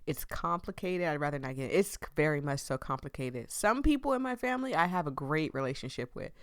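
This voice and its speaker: A woman's voice: low voice, expressive, fairly quick, no room sound, clean studio sound. A young woman streaming a story game, chatting casually with laughing asides and put-on quotes.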